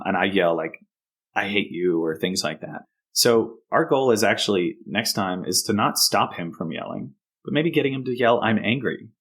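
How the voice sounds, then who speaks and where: Man with a low voice explaining calmly. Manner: explanatory, acts out example phrases to kids. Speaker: counselor. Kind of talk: explaining in a podcast interview.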